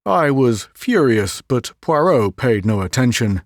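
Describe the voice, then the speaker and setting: A man narrating a classic detective story as an audiobook reader, measured and unhurried. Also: mid-range voice, big pitch swings, no room sound, clean studio sound. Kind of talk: scripted narration.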